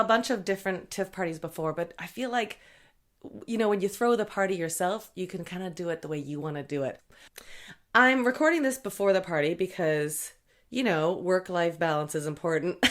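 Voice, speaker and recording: A woman hosts a podcast and talks in a bubbly, chatty way, joking and laughing at herself. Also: medium pitch. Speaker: podcast host. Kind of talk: solo podcast intro monologue.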